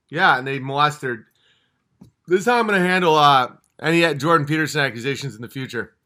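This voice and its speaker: A man's voice: on the high side, sharp tone. A man from upstate New York hosting a livestream, ranting in a fired-up, profane and blunt way. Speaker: livestream host. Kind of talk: casual livestream rant.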